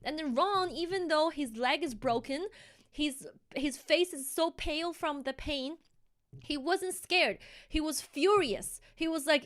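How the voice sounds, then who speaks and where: A woman streamer talks in a high voice in a heated, animated live-stream rant. She keeps stumbling and restarting her sentences as she pushes her point. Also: measured pace.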